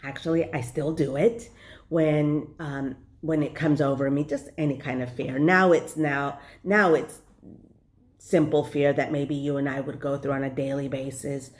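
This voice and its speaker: A woman's voice: low-pitched, fairly even intonation, a little slow, darkish tone. A woman life coach giving an earnest, conversational motivational talk to the camera, with frequent fillers. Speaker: life purpose and leadership coach.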